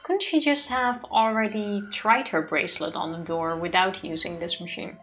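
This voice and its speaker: A woman's voice: mid-range voice, normal speed, a bit bright, faint music behind. Chatty woman co-hosting a game playthrough. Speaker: let's play co-host reading the game text. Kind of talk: casual chat and reading aloud.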